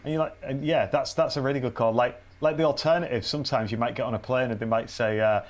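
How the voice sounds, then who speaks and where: A man's voice: medium pitch, fairly even intonation, quick pace. A man with a British accent, a podcast co-host chatting casually and telling stories with acted quotes. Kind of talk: casual chat.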